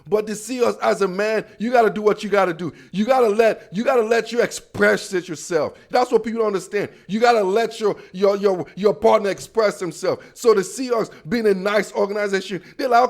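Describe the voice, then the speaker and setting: A man's voice: high-pitched, brisk, vocal fry, hardly any pauses. A young man hosting a football podcast, talking casually in a playful, slangy way straight to his listeners. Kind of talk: casual sports commentary.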